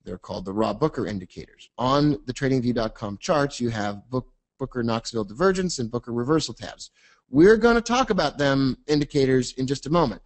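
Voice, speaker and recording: A man presenting a trading webinar, talking fast and casually with jokey, self-deprecating asides. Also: mid-range voice, lively intonation.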